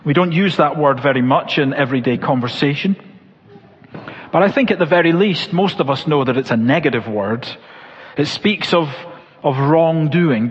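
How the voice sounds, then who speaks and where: A male preacher giving an expository sermon, asking rhetorical questions and pausing for emphasis. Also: a little high, slightly rough. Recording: lo-fi church recording with long reverb.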